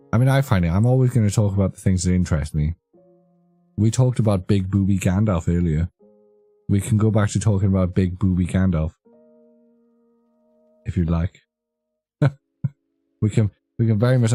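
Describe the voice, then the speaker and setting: Deep-voiced man rambling on stream. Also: normal speed, pauses often, dark tone, no echo. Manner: rambling, joking, easily amused. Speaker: streamer chatting with live chat. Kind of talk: casual live-stream chat. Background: faint background music.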